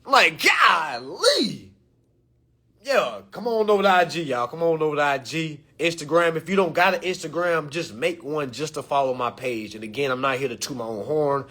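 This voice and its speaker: A man in a casual talk to his camera for his followers, with loose slangy speech that swings between loud and animated and low and quiet. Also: brisk, few pauses. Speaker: social media creator. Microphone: phone or camera mic.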